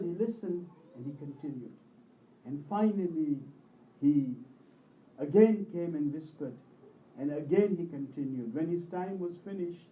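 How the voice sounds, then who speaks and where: A man's voice: sits high, warm tone, dull audio, a little hiss or hum. A man preaching a religious sermon, telling a story with impassioned rises and falls in his voice. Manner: impassioned storytelling, voice rising and falling with emotion. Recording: echoey hall, mic at a distance.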